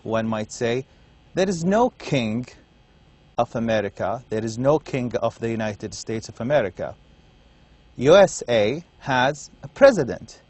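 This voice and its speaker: Male lecturer, middle pitch, unhurried classroom delivery that keeps checking understanding. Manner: explains slowly, checks in with "okay?" often. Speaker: university lecturer.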